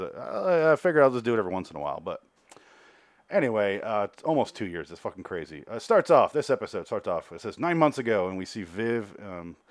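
In a laid-back podcast, a lowish-voiced man goes over a TV episode, rambling, sarcastic, and swearing heavily. He tosses in brief asides voicing the characters' lines, and the sound has no echo.

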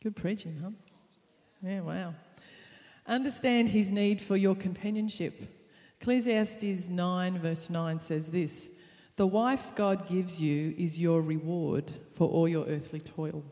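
A woman's voice: lowish voice, slow, mellow. Playful woman preaching in a hall. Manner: playful, upbeat preaching with laughter. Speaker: pastor's wife. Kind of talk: sermon on marriage.

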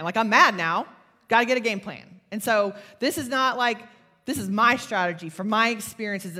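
A woman's voice: mid-range voice, fairly bright tone. A middle-aged woman gives an earnest, confessional faith talk to an audience. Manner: earnest, confessional, builds to fervent. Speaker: speaker. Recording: long hall reverb.

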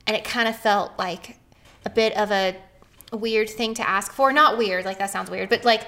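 A woman in her thirties shares a personal story on a podcast, earnest and animated, laughing often. She has a mid-range voice and speaks at a moderate pace.

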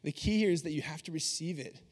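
A man's voice: on the high side, fast talker, slightly rough. A young man giving a sermon in an earnest, conversational way, slipping into quoted dialogue. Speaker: preacher. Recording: long reverb of a large hall.

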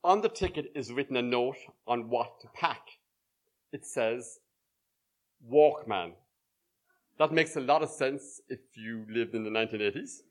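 Middle-aged guy doing a live story on stage, dry and wry, mid-pitched voice. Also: animated, a little slow, long pauses. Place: small live venue with audience.

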